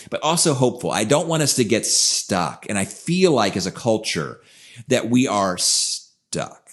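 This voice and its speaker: A man's voice: on the low side, big pitch swings, a little slow. A man co-hosting a podcast, talking in an earnest, reflective way and stressing his points with repeated phrases. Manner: earnest and reflective, emphatic repetitions. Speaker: podcast co-host. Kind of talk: casual conversational podcast talk.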